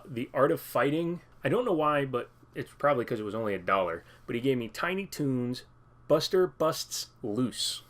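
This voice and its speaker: A man's voice: medium pitch, a bit bright. A man in a casual vlog, rambling and joking as he shows off games he bought. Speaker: game collector vlogger. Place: home living room.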